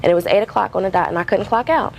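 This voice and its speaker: A woman testifying as a defendant in a courtroom. She rambles through her account, padding it with fillers and restarts, and her voice sits at an ordinary pitch over faint room noise. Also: very fast, creaky, a little mellow, lo-fi sound.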